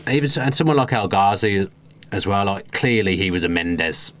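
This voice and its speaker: A man's voice: lowish voice, expressive, normal speed, fairly bright tone. A man with a Birmingham accent, co-hosting a podcast in casual chat, opinionated and teasing. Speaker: podcast co-host.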